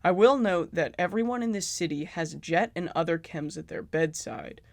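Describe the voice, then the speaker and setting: A man's voice: on the high side, normal speed, vocal fry, dry recording. A man giving sarcastic, profane commentary on a video game. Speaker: video essayist.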